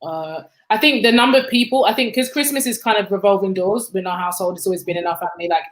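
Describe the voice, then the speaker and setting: A woman co-hosting a podcast, joking around in a lively, casual chat. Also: medium pitch, quick pace. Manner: playful, lively, jokey. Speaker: podcast co-host, mother. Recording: roomy echo.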